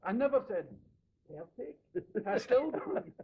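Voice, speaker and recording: Glaswegian man reminiscing with lots of laughs, husky, dull lo-fi radio sound. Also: high voice, a little fast, faint music behind. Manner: laughing, animated storytelling. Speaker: interviewee. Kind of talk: casual reminiscing.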